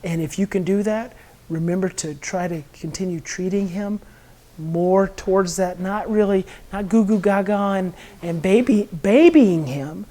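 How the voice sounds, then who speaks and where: A woman speaks as a guest expert at a steady middle pitch, earnest and full of restarts. She acts out a child's angry outbursts and a parent's soothing words as she explains. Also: moderate pace. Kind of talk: explanatory interview talk.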